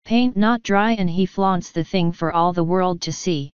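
A woman's voice: on the low side, normal speed, clean tone, no room sound, lo-fi sound, lightly acted. A woman reader voicing a weary, bitter male city watch commander in a curt manner.

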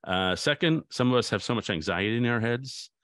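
A man's voice: mid-range voice, animated, brisk, a bit bright, no echo, studio quality. A man, a guest author, in a reflective conversation, thoughtful and anecdotal, often restarting his sentences.

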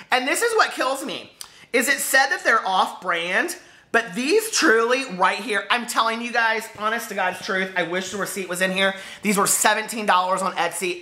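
A woman book vlogger chatting casually to camera in a gushing, excitable way, exclaiming often. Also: medium pitch.

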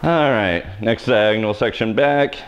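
A man's voice: lowish voice, unhurried, muffled recording, a little hiss or hum. A man hosting a live haircut tutorial, cracking self-mocking jokes and blunt asides as he cuts. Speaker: hairstylist host of live haircutting show.

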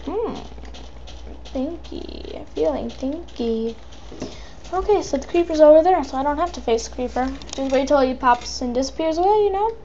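Excitable high-voiced woman gamer. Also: highs cut off, slight background noise. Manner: excitable, chatty, talks to viewers. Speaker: let's play gamer. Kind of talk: live gameplay commentary.

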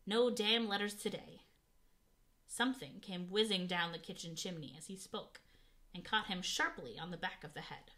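A woman's voice: on the low side, normal speed, bright, forceful tone. A woman reading a children's novel aloud, narrating expressively and giving the characters voices. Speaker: audiobook reader.

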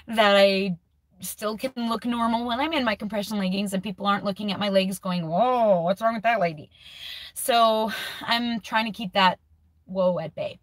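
A woman's voice: fairly high pitch, fairly bright tone, no echo. Candid woman in her forties, dry sound. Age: 40s. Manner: candid and emotional, thinking aloud with restarts. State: close to tears. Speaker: vlogger. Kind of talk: personal video diary.

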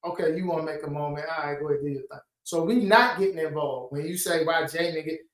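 A man's voice: a little high, steady tone, fast. A man telling reality show stories as a guest in a laid-back, slangy way. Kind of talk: casual interview chat. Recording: roomy echo.

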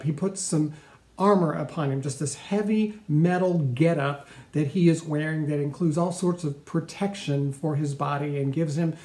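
A man's voice: a little high, darkish tone, reverberant. A male pastor giving a sermon and retelling a story in a casual, conversational way.

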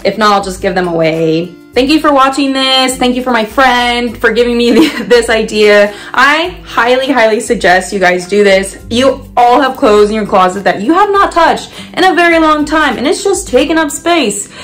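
A woman's voice: a little high, expressive, moderate pace, hardly any pauses, fairly bright tone, soft background music, low-quality recording. A young woman from California chatting casually and playfully in her own vlog. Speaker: vlogger.

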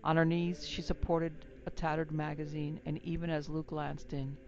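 A woman narrating a classic western story in a measured, even reading. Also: low-pitched, muffled recording. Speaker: narrator and producer.

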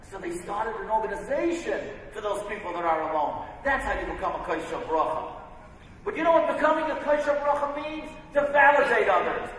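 A man's voice: high voice, fairly bright tone, slight background noise. A man, a rabbi, giving an inspirational sermon, telling stories emphatically. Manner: storytelling, emphatic. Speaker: rabbi and speaker. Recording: echoey hall from far off.

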